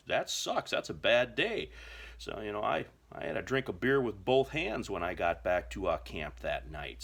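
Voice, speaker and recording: Deep-voiced american guy rambling through survival stories, lots of uhs, laid back. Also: fairly bright tone. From United States. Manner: folksy, rambling, many filler words. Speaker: survival vlogger. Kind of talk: casual storytelling to camera.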